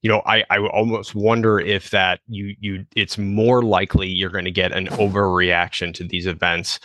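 A man co-hosting a podcast, talking things through slowly, restarting and repeating words as he thinks. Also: deep voice, flat delivery, pushed and bright, no room sound. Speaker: podcast co-host. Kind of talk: casual conversational discussion.

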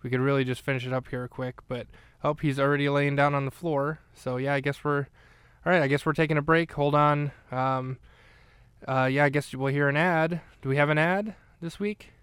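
A man rambles through a casual podcast recap, his voice smooth and clear with an even, fairly flat delivery. He is recorded close in a dry room with no echo, and he pads his talk with fillers and restarts. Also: fairly high pitch, moderate pace. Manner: rambling, chatty, with many fillers. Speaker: podcast host recapping a film. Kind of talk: casual chat.

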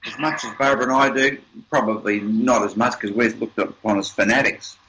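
A man's voice: mid-range voice, fairly even intonation, fairly quick, noisy background. An older man, an interview guest, telling motivational stories in an emphatic, upbeat way with repeated words. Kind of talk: motivational storytelling.

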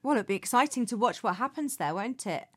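A woman's voice: a little high, expressive, brisk, slightly rough. A woman co-hosting a podcast in casual chat, playful and giggly as she reads listener questions. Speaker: podcast co-host.

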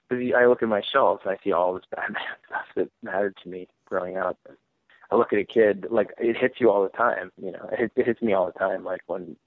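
A man's voice: lowish voice, dry recording. A man, a comic book writer guest, telling stories in a candid, rambling way, often breaking off mid-sentence and laughing as he talks. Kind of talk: candid conversational storytelling. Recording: tinny phone-line sound.

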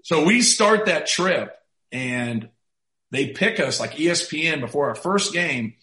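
A man's voice: on the high side, expressive, measured pace, bright, forceful tone. A middle-aged man, a college basketball head coach, telling stories in a casual podcast interview, rambling with many "like"s and poking fun at himself. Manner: rambling, heavy use of "like", self-deprecating. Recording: roomy echo.

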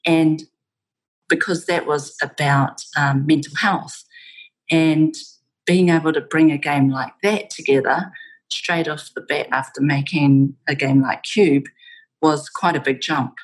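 A middle-aged woman with a New Zealand accent, speaking in a low, husky voice. She tells her stories in a reflective, conversational way as a guest in an interview, now and then laughing softly. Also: fairly even intonation, a little slow, low-quality recording. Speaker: game studio founder, guest.

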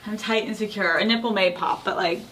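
A woman in her late twenties hosts a podcast, chatting casually with a friend in a bubbly way, swearing freely and laughing often. Her mid-range voice is fairly quick and fairly bright, with a little hiss or hum in the background.

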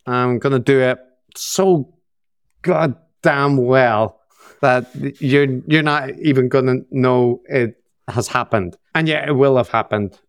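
A man's voice: medium pitch, clean tone, no echo, studio quality. A man with a Belfast accent co-hosting a podcast, joking and teasing in casual chat. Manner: jokey, teasing, drawls names for comic effect. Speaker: podcast co-host.

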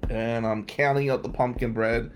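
A man's voice: medium pitch, moderate pace, slight background noise. A man from New Jersey spins a casual story as a podcast host. He talks wryly and drops in the odd curse, with an everyday mid-range voice. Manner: wry, profane, animated anecdotes. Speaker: podcast host and defense lawyer.

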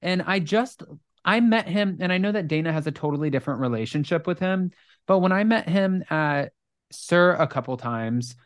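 A woman telling a story in casual chat, full of "like" fillers and casual swearing, acting out the people she quotes in higher voices. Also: normal speed, dry recording, studio quality. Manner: animated storyteller, acts out quotes in high voices.

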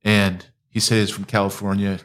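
A man from Utah, a diagnostics instructor and guest, talking in a measured, dry way. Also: on the low side, little pitch movement, a bit bright. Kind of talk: casual interview.

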